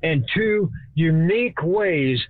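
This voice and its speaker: A man's voice: fairly high pitch, expressive, dry recording, phone-quality sound. A man from Texas, giving a folksy, speech-like scripted talk as host. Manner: folksy speech-like delivery, shifts between slow and fast.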